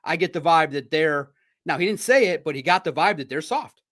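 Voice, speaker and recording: Animated, boastful male podcast host. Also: a little high, brisk. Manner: boastful, repetitive, trash-talking. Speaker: sports podcast host and reporter. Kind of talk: casual podcast monologue.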